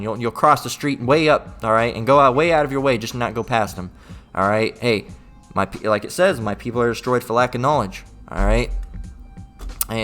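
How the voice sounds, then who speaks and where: A man's voice: medium pitch, a bit bright. A man giving an informal sermon, blunt and profane, reading scripture and tagging nearly every point with "all right?". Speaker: street preacher.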